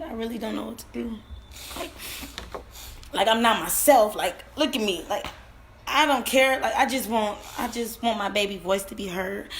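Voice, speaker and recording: Woman, high voice, crying, breaking voice, repeats herself, emotional testimony at home. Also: gravelly, noisy background. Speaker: grieving mother. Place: in her home.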